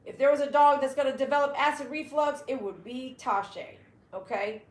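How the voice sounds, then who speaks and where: A woman's voice: sits high, fairly quick. Chatty woman streaming from an echoey room. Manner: chatty, talks to her dogs and reads viewer comments aloud. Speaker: dog groomer and livestream host. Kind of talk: casual livestream chat. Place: at home with her dogs.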